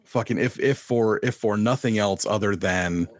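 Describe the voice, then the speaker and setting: A man's voice: fairly low pitch, moderate pace, dry recording. A man co-hosting a casual wrestling podcast, rambling with plenty of fillers and swearing. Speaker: podcast co-host.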